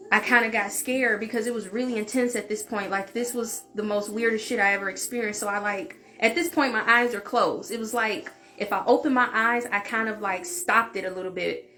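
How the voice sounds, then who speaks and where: A woman vlogger tells a personal story in a loose, chatty way, often saying "like". Her voice is mid-pitched and unremarkable in its height. Faint music plays softly behind her. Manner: chatty, open, fills speech with "like". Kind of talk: casual story time.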